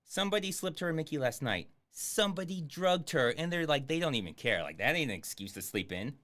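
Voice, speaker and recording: Male streamer, sarcastic running commentary, lively swooping pitch, casual swearing. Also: fairly quick. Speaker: streamer reviewing a film.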